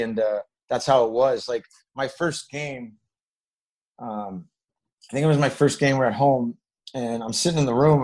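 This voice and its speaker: Middle-aged ex-player, relaxed rambling storyteller, mid-range voice. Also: male voice, medium pitch, poor audio. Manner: rambling, animated when quoting others. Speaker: former hockey player guest. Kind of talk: casual storytelling.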